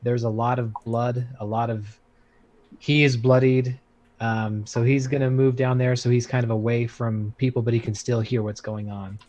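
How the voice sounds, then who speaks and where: A man's voice: medium pitch, flat delivery, moderate pace, a little mellow, muffled recording. A man playing a tabletop game, describing his character's moves hesitantly as he thinks aloud. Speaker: player. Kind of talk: casual tabletop game play.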